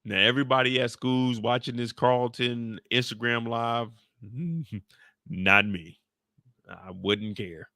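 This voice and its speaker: A man's voice: mid-range voice, steady tone, takes it slowly, creaky, pushed and bright, no room sound, clean studio sound. A man giving casual, joking commentary as he recaps a TV episode, riffing in slang. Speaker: YouTube show recapper.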